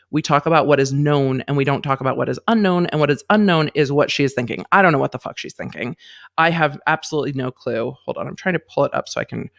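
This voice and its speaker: A woman in her forties hosts a casual livestream chat. Her delivery is blunt and emphatic, with frequent swearing. She pauses now and then to catch up on viewer comments and thank supporters. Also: low-pitched. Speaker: legal commentary livestream host.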